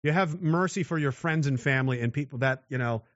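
A man's voice: fairly high pitch, a little fast, dry recording, dull audio. A man delivering a blunt, aggressive monologue rant, mocking those who show mercy.

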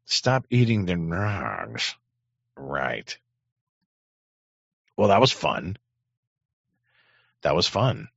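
A man's voice: very deep voice, vocal fry, sharp tone, no echo. A man hosting an online radio show, reacting bluntly and crudely to clips and often repeating himself. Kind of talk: casual reaction commentary. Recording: dry, dull lo-fi mic.

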